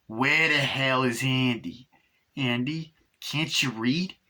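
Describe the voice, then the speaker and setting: A man putting on the voice of a foul-mouthed, menacing male killer doll, gruff and sneering, slipping into hoarse whispers. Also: mid-range voice, slow pace, pushed and bright.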